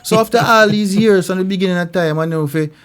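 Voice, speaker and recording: A Jamaican reggae singer talking as an interview guest, telling animated stories about growing up and acting out the voices in them. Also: male voice, high-pitched, fast talker, smooth. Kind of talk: casual storytelling interview.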